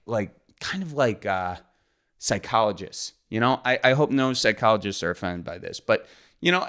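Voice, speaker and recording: A man's voice: on the high side, fairly bright tone, clean tone. A man, hosting his podcast in a folksy, joking, rambling way. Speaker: podcast host. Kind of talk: casual solo podcast intro.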